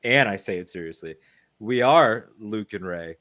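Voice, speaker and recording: A man co-hosting a casual livestream talk show, easygoing, often trailing off quieter as he thinks aloud. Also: on the low side, expressive, normal speed. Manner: easygoing, drifts softer and quieter as he muses. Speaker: co-host.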